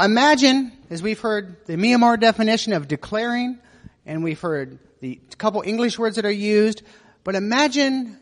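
A man's voice: high voice, big-room sound. A man pastor teaching a sermon in a conversational way, with asides and rhetorical questions to the congregation.

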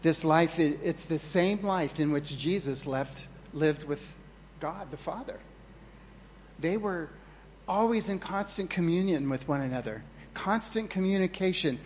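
A man preaching a sermon as pastor, earnest and storytelling, with animated retellings of his own moments of panic. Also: a little high, a little slow, long reverb tail, slight background noise. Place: church hall.

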